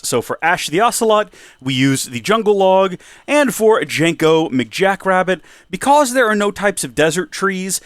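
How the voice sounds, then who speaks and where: Lively, playful man hosting a Minecraft let's play. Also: fairly high pitch, no room sound, studio quality. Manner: playful mock presenter tone, rambling with self-corrections. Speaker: Minecraft channel host.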